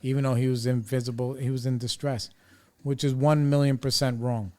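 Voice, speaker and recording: A man with a smooth, resonant voice at a middle pitch, talking casually on a podcast. He rambles through a story with plenty of swearing and street slang. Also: little pitch movement, brisk, darkish tone. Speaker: podcast host.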